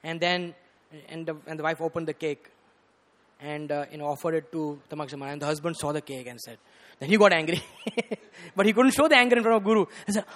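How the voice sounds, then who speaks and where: High, bright-voiced preacher. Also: male voice, fast talker. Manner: animated, rising to loud bursts, frequent "you know". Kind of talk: storytelling sermon. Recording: reverberant hall.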